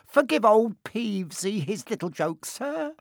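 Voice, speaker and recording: A man voicing a mischievous male poltergeist in an audiobook, with a high, wheedling, sing-song voice. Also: sing-song, unhurried, gravelly, dry recording, clean studio sound, heavily acted. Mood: groveling. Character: cackling mischievous male poltergeist, sly and greasy. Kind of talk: audiobook character voice.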